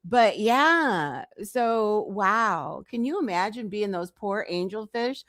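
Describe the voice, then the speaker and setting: A woman's voice: medium pitch, sing-song, slow, no room sound, clean studio sound. A woman streamer giving reaction commentary on a clip, incredulous and teasing as she talks back to it.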